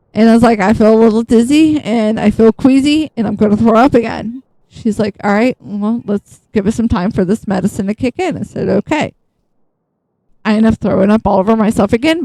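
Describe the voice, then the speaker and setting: A woman's voice: a little high, a little mellow, no room sound, rough recording. A woman hosting a gaming channel, chatting bluntly and casually, acting out both sides of a conversation and swearing freely. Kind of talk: casual storytelling while gaming.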